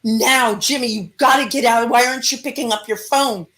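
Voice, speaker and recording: Frantic woman on a voicemail, played by a woman, urgent and pleading, pitched up and loud. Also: fairly even intonation, normal speed, lightly acted. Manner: urgent, pleading, repeating herself.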